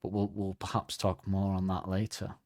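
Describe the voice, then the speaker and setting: A man's voice: deep voice, monotone, normal speed. A man co-hosting a casual music podcast, rambling and hedging as he chats. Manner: chatty, rambling, hedging asides. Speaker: podcast co-host.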